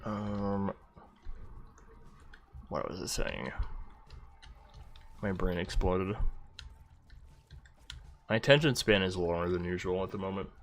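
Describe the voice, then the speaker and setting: Low-voiced rambling male streamer. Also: lively intonation, takes it slowly, long pauses, a little hiss or hum. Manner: rambling, easily distracted, swears casually. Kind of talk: casual gameplay commentary.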